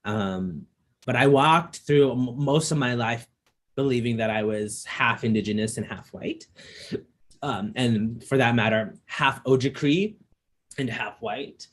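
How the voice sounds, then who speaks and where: Man with a slight lisp and rasp. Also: mid-range voice, unhurried. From Canada. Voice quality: slightly raspy. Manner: reflective, personal storytelling with frequent ums. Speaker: performance artist in conversation. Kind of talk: casual conversation.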